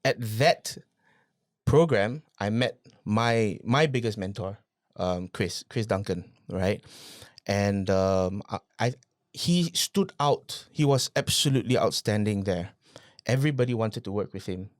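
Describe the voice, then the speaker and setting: A man, a podcast guest telling his business story in a casual interview, animated, repeating phrases and asking rhetorical questions. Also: fairly low pitch, a little slow, no echo, clean studio sound.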